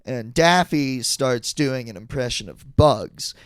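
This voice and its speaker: Male podcast co-host, slow rambling delivery, clear voice, dry close sound. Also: medium pitch, expressive, no echo. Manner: rambling, goes off into long tangents with bursts of silly impressions. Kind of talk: casual comedic banter.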